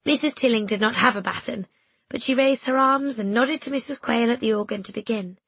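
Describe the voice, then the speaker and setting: A woman reading an audiobook narration in a measured, reflective way. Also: a little high, fairly bright tone, slightly rough, dry recording.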